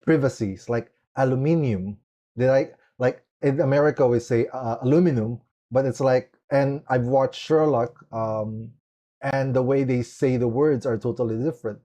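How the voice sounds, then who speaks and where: A man's voice: mid-range voice, steady tone, moderate pace, warm tone. A man hosting a podcast interview in a casual, rambling way, leaning heavily on "like" as he talks. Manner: rambling, heavy use of "like" and "it's like". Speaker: podcast host.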